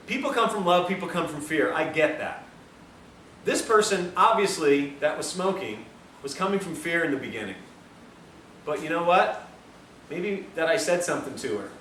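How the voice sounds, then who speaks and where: A man giving a health lecture, telling a story with a lively, self-mocking manner to a room of listeners. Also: a little high. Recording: roomy, distant mic, faint hiss.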